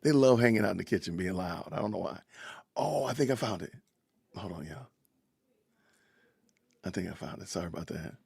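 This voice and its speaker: Man, middle-aged, livestream host, casual and chatty, gravelly, dry close sound. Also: low voice, expressive, brisk, long pauses, darkish tone, no room sound. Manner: chatty, laughs often, talks to viewers as y'all. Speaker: podcast host. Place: home, family heard in the kitchen.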